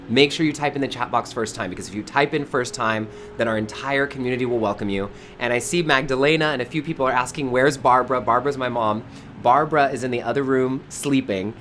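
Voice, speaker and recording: A man's voice: lowish voice, fairly bright tone. A man from the Bay Area hosting a live online spiritual session outdoors, greeting viewers effusively by name. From California Bay Area. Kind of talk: live-streamed welcome and teaching. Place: outdoors in front of a high-up window. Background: faint outdoor noise.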